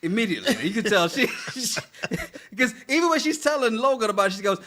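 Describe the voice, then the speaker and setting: A man's voice: extremely high pitch, animated, quick pace, sharp tone. A man co-hosting a casual podcast, reading live chat comments aloud and laughing often. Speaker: podcast co-host.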